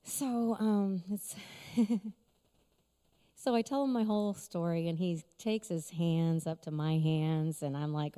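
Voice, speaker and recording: Speaking slowly with big pitch swings, a middle-aged woman with a mid-range, slightly mellow voice tells an emotional personal story at a conference. She laughs often throughout. The audio has the long reverb of a large conference hall.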